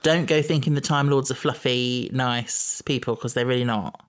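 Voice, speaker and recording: A man's voice: medium pitch, steady tone, moderate pace. A man in his thirties co-hosting a podcast, chatting casually and explaining the lore with a teasing streak. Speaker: podcast co-host. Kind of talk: casual chat.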